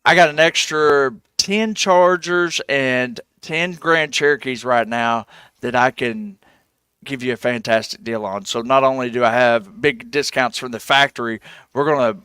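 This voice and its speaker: A man's voice: mid-range voice, measured pace, sharp tone, clear, resonant tone, no room sound. Eager car-dealer salesman. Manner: eager salesman, repeats himself. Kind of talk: live radio sales pitch.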